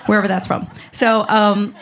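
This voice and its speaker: Live comic storyteller, woman, self-mocking and chatty, gravelly fry in the voice. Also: medium pitch, level tone, normal speed, background noise. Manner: mouthy, self-mocking, lots of fillers and laughter.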